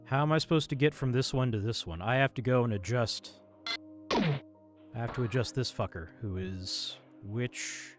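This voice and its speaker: A man streaming a game, muttering calming mantras to himself between bursts of frustrated swearing. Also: mid-range voice, moderate pace. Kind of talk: live game commentary. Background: faint game music.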